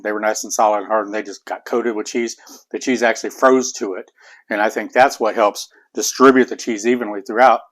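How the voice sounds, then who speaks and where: A middle-aged man with an Appalachian accent, chatting casually to viewers as host of his home cooking channel. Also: medium pitch. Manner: chatty, rambling, folksy. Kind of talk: casual cooking vlog talk. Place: home kitchen.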